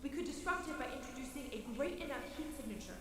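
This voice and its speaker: An actress voicing a soft, imploring woman in a video game, heard as distant game audio. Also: high voice, expressive, quick pace, very echoey, big-room sound, a little hiss or hum. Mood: pleading.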